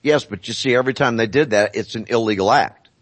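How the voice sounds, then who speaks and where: A man speaking as a talk show guest, explaining deliberately and repeating phrases for emphasis. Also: mid-range voice, no room sound.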